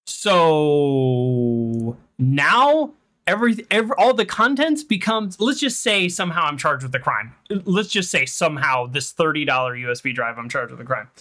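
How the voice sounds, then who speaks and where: A game streamer commenting over a playthrough in a lively voice that swings widely up and down. The delivery is heated and animated, with points argued out loud at length. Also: medium pitch. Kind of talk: let's play commentary.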